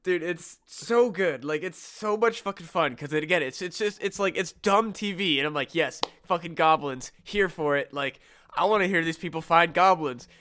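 A man co-hosting a loose comedy podcast, cursing constantly and breaking into laughter as he acts out his own reactions. His voice is bright and forceful and sits a little high for a man. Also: normal speed. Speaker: podcast co-host. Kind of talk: casual comedy podcast chat.

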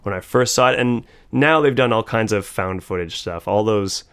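A man talking as a podcast guest, animated and excitable, often restarting his sentences. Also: lowish voice, normal speed, smooth. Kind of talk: casual podcast chat.

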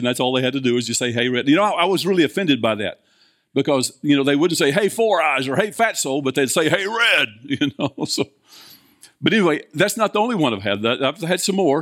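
An older man tells stories from the pulpit in an easy, folksy way, asking his listeners questions and chuckling as he goes. The recording is dry and close, and his pitch sits in a middling range. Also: no echo. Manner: chatty, asks the congregation questions, chuckles often. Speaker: preacher. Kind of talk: folksy sermon storytelling.

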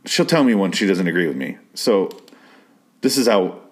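A man with a fairly low voice tells a personal story in a loose, casual way. He wanders off on side tangents and swears freely as he talks. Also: lively intonation, normal speed, breathy edge. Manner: rambling, profane, digressive.

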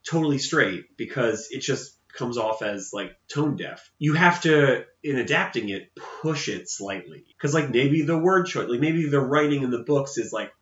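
A man co-hosting a casual film podcast, rambling and swearing as he recaps scenes and acts out characters in quick voices. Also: medium pitch, lively intonation, a bit bright. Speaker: podcast co-host. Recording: roomy, dull lo-fi sound.

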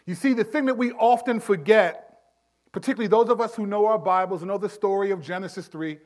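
High-voiced emphatic male pastor preaching. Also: quick pace. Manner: emphatic, swings from loud to hushed; conversational, with asides to the congregation. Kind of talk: sermon.

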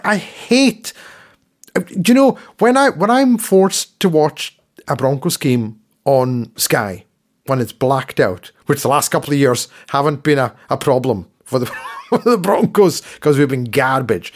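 A man co-hosting a podcast, chatting casually and ranting, often repeating words as he gets worked up. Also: on the high side. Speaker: podcast co-host. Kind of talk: casual chat.

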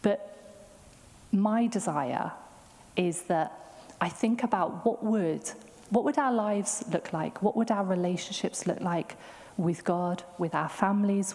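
A woman's voice: fairly low pitch, a little mellow. A woman giving a sermon testimony, telling a personal story in a casual, chatty way with fillers and quoted thoughts. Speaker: preacher. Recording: long hall reverb.

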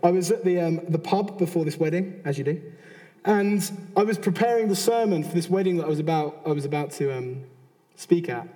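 Earnest British preacher in a big hall. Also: male voice, a little high, a little fast, warm tone. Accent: British English. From Britain. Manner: earnest, conversational, with frequent restarts and asides. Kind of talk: sermon. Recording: long hall reverb.

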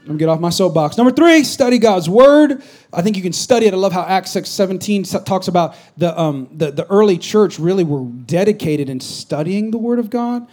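A man preaching a conversational sermon as a pastor to a congregation, swinging from loud exhortation to quiet asides. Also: high-pitched, animated, moderate pace. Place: church stage before a congregation.

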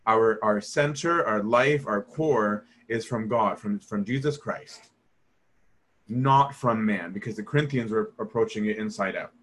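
A man's voice: on the low side, unhurried, fairly bright tone. A man giving a conversational Bible study lecture, asking his listeners rhetorical questions and acting out the voices he quotes. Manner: asks the audience rhetorical questions.

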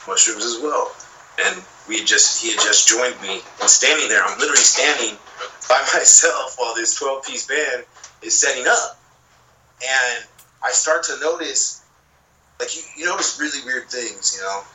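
A man's voice: medium pitch, expressive, normal speed, far from the mic, noisy background. A man telling a long, rambling story in casual chat, with plenty of swearing and filler. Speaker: podcast guest.

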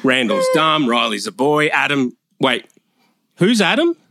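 A man's voice: medium pitch, very animated, a little slow, gravelly, very noisy. A man roasting the hosts in a comedy roast, with a brash, crude, mocking delivery.

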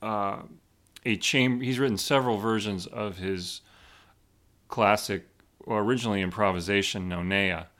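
Guy cohost, kinda low voice, rambles and stops a lot looking for words. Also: fairly bright tone. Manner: halting, rambling, searching for words. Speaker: flutist and podcast co-host. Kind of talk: casual chat.

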